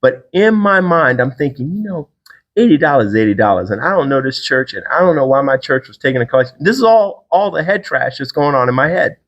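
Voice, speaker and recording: A middle-aged man hosting a podcast, telling a personal faith story in a casual, animated way and acting out the people he quotes. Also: brisk, muffled recording. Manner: animated storyteller, acts out quotes with big pitch jumps. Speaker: podcast host.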